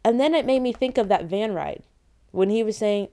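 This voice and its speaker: A young woman vlogging late at night, telling a story in a rambling, exasperated, animated way. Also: mid-range voice, normal speed, clear, resonant tone.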